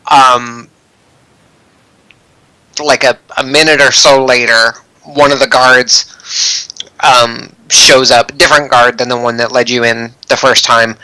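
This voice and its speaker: Slow, bright-voiced game master. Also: male voice, mid-range voice, dry recording, rough recording. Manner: hesitant, many ums and restarts. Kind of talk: narrating a tabletop game.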